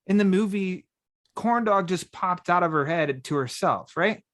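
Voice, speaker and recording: A man's voice: high voice, a little slow, fairly bright tone. A man hosting a casual podcast chat from home, rambling a bit and playfully quoting lines. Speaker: podcast host.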